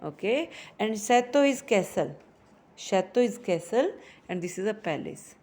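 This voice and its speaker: Teaching French to her students, a woman speaks slowly and says phrases more than once. Her voice is medium in pitch, dark in tone, and expressive.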